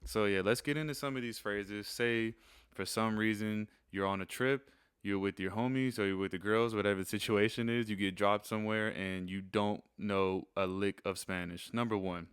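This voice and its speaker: A young man casually explaining Spanish phrases in a rambling, relaxed way, slowing down when he repeats them. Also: lowish voice, smooth, no room sound, studio quality. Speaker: host teaching Spanish phrases. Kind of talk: casual instructional video.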